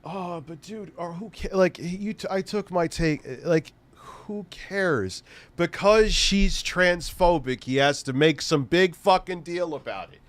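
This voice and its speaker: A man's voice: high voice, animated, takes it slowly, no echo. A man hosting a casual livestream, reading chat and ranting sarcastically with lots of swearing. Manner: profane, sarcastic ranting with frequent laughs. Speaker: streamer host.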